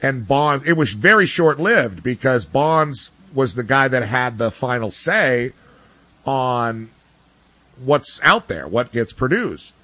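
A man's voice: mid-range voice, sing-song, slow pace, bright, forceful tone, no echo. A man giving blunt, ranting sports opinions in casual talk, full of restarts and fillers. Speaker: sports commentator guest.

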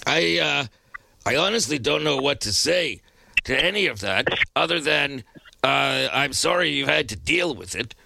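Gravelly, hesitant male radio host. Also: fairly high pitch, animated, bright, forceful tone, no room sound. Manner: halting, hesitant, measured. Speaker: radio talk show host. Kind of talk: call-in radio talk.

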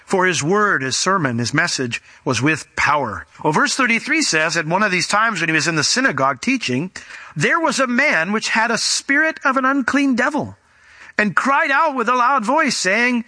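Bright animated man preaching a sermon. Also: high voice, moderate pace, no room sound. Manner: animated, acts out quoted shouts. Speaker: pastor. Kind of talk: expository sermon.

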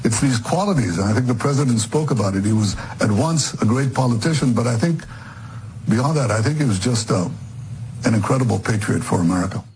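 A man, a political leader, answering interview questions earnestly, with halting restarts. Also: mid-range voice, animated, a little mellow, a little hiss or hum, poor audio.

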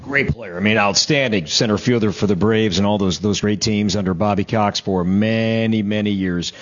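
A man's voice: on the low side, moderate pace, highs cut off. A man hosting a broadcast interview, asking questions in an upbeat, conversational manner. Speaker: host, broadcaster.

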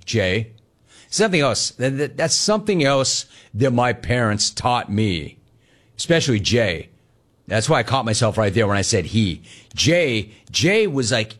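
A man hosting a sports talk show, chatting casually and reading out listener messages, jumping between quick asides and drawn-out words for emphasis. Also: mid-range voice, a bit bright.

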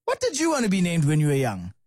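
High-voiced excitable radio host. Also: male voice, fast talker. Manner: lively, excitable, laughs often. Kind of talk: casual radio chat reading listener messages.

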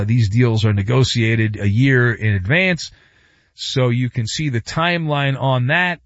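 A man's voice: a little high, no room sound, dull audio. A man hosting a sports talk show, delivering a sarcastic, wisecracking monologue. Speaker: sports radio host.

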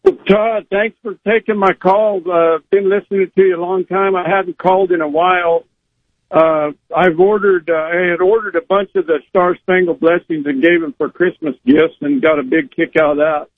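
A man's voice: high voice, steady tone, moderate pace, no room sound. A man calling in to a radio show, speaking politely with hesitant fillers over a phone line. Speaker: caller. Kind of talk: phone call to talk radio.

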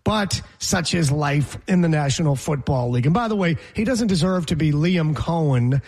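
A man's voice: fairly high pitch, expressive, normal speed, a little mellow. A man hosting a casual sports talk show, joking and imitating how people pronounce words. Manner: wisecracking, mimics voices and pronunciations. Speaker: sports radio host.

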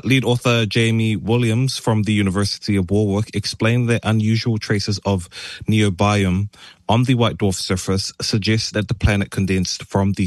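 A man's voice: lowish voice, no echo. A man hosting a morning radio show, reading news items with fillers and slips, then chatting with his co-host. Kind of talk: news reading with casual asides. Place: radio studio.

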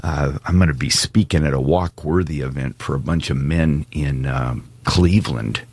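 A man's voice: rumbling low, moderate pace, darkish tone, slightly rough, no room sound. A male radio co-host in casual on-air chat, jovial and teasing, laughing often.

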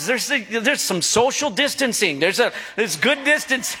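A man's voice: very high voice, lively intonation, a little slow, hardly any pauses, pushed and bright, breathy edge. A middle-aged male pastor preaching a sermon in a folksy, joking way, often calling out to his congregation for agreement. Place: church sanctuary. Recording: long reverb of a large hall.

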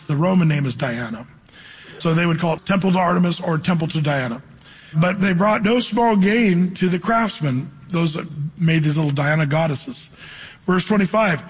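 A man preaching a sermon, reading scripture slowly and then explaining it in casual, slangy talk. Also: high-pitched, slightly rough. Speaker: pastor. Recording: long hall reverb.

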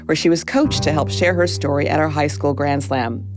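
A man hosting a storytelling show, giving a brisk, informative introduction of the speaker. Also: on the high side. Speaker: host. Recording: loud music and crowd behind. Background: guitar music and crowd noise.

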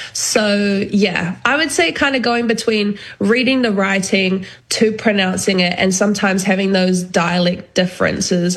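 A woman's voice: medium pitch, breathy edge. A woman answering an interview question in a thoughtful, hesitant way, with many fillers. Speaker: guest, language learner.

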